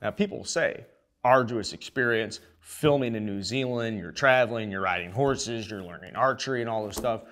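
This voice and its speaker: A man's voice: fairly low pitch, moderate pace. A young man hosting a sports show, ranting in a rowdy, rambling, comedic way and swearing freely. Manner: profane, excitable, rambling. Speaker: show host.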